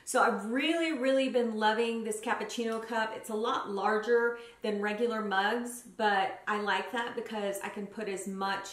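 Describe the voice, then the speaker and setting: A woman's voice: on the high side, fairly even intonation, normal speed, few pauses. A woman vlogger chatting casually through her monthly favorites, gushing and using lots of fillers. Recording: roomy echo.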